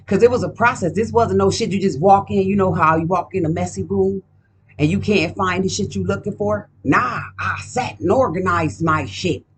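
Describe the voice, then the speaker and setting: A woman's voice: medium pitch, normal speed, a little hiss or hum. A woman doing a casual card reading at home, talking in a profane, emphatic, rambling way. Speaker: card reader.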